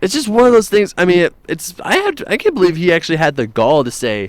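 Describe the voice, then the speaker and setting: A man's voice: high voice, very animated, fast talker, no room sound. A man hosting a morning show, telling news stories in a rambling, jokey way with plenty of fillers. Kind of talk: casual radio-style chat.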